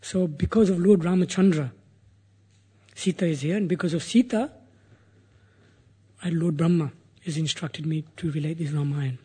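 A man's voice: on the high side, moderate pace, pauses often, breathy edge. A man earnestly retelling a sacred epic as a sermon, acting out the characters' words. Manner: earnest, animated, voices the characters. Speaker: religious storyteller.

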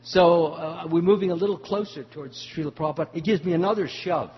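An older man giving a devotional talk, telling a story in a halting way with many fillers. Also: fairly high pitch. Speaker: spiritual teacher. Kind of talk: devotional talk answering questions. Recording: muffled hall recording with faint hum.

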